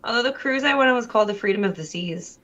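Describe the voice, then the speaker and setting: Woman, Long Island accent, podcast co-host, expressive, emphatic, video call. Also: mid-range voice, quick pace, dull audio. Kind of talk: casual chat.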